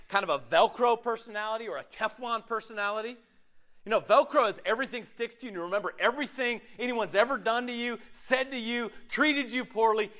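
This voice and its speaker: A man preaching a sermon as pastor, in a conversational, animated way with frequent laughter. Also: high voice.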